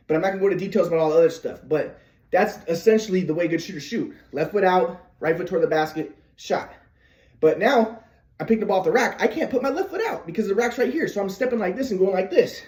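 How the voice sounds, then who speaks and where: High-voiced man recounting his basketball past. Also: darkish tone, echoey room. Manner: demonstrates footwork while talking, acts out his father's lines; stammering restarts, earnest. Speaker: former basketball player telling his story. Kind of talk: casual storytelling monologue.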